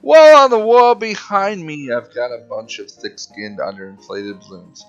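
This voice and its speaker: A man's voice: fairly high pitch, huge pitch swings, moderate pace, dull audio, faint music behind, pitched above the performer's own voice. A man playing a folksy carnival barker clown. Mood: sales pitch. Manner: smooth-talking salesman patter. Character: folksy male shooting-gallery clown barker.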